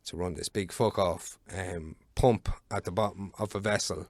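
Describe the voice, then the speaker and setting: A deeper-voiced Irish man in his thirties tells a long story as a podcast guest. He rambles, swears freely and fills gaps with ums. The recording sounds close and dry. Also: steady tone, normal speed, no room sound. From Ireland. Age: 30s. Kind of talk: casual storytelling.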